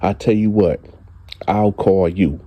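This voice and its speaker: A man's voice: low voice, fairly even intonation, takes it slowly, no echo, muffled recording. A man quoting a blunt, streetwise young woman in a story, matter-of-fact and dismissive.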